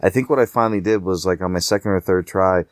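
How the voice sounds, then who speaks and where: A man with a low voice tells a long gaming story in loose, rambling chat. He keeps circling back with fillers and false starts. The sound is dry and close. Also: quick pace, no echo. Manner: rambling, many fillers and restarts.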